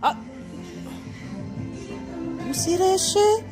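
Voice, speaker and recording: A woman, filming on her phone in a mall store and giving loud, indignant commentary to the people around her. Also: very high voice, extremely slow, music in the background. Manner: loud, indignant, talking to onlookers. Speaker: filming shopper. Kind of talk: agitated live commentary while filming. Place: large store in a mall, indoors. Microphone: phone camera held by speaker.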